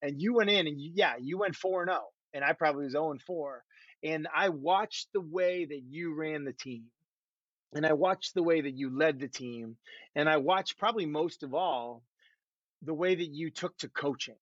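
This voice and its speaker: A middle-aged man with a somewhat high voice recalls his playing days, teasing himself and laughing easily. The recording is muffled and dull, with a close, dead-dry sound. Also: normal speed, fairly bright tone, no room sound. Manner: self-deprecating, laughing storyteller. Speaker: former pro quarterback. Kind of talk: casual conversation.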